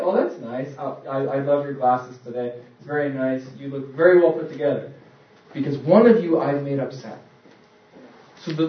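A man preaching a sermon as pastor, telling the story casually and acting out voices. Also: a little high. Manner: conversational storytelling, acts out voices. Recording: echoey, distant, dull church recording.

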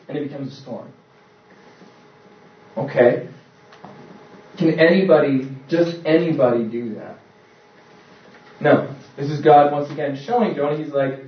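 A man preaching a sermon as pastor, telling the story casually and acting out voices. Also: on the high side. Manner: conversational storytelling, acts out voices. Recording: echoey, distant, dull church recording.

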